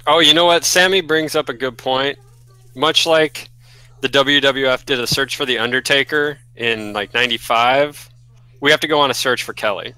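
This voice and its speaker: Joking man with a bright voice. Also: medium pitch, normal speed, clear, resonant tone, dry recording, poor audio. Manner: joking, mock-dramatic. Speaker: podcast co-host. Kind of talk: casual gaming podcast chat.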